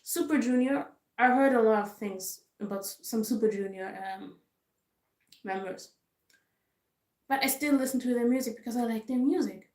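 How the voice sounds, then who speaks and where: A woman's voice: on the high side, moderate pace, long pauses, darkish tone. A woman vlogger giving casual ranting commentary, frustrated and emphatic, repeating herself for stress. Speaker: K-pop vlogger. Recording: roomy echo.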